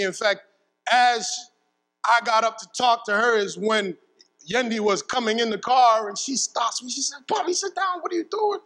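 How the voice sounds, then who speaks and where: Male preacher, high-pitched, animated storyteller at the pulpit, casual and slangy. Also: long reverb tail, rough recording. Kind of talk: sermon with a personal story. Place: church pulpit.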